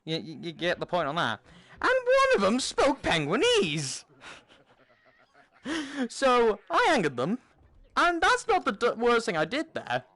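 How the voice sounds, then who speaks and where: A man hosting a gaming video, telling a game-session story in casual chat, animated and often laughing. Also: very high-pitched, a little slow, pauses often, no room sound.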